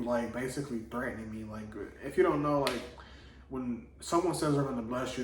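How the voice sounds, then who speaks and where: Telling a personal story on his vlog, a man uses a casual, slangy monologue heavy on "like," in a mid-range, fairly bright voice with fairly even intonation at normal speed. He sounds distant, captured in an echoey room.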